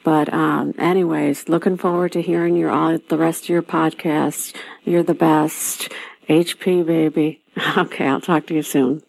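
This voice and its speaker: A woman's voice: low voice, fairly even intonation, unhurried, gravelly, a little mellow, no echo, poor audio. A woman leaving a nervous, affectionate voice message for a podcast host. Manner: nervous, self-conscious, affectionate. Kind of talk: recorded voice message.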